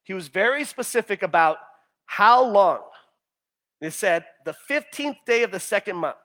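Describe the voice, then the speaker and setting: High-voiced man preaching animatedly. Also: normal speed. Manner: animated, acts out biblical complaints in character; stumbles and repeats words often. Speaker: pastor. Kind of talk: sermon.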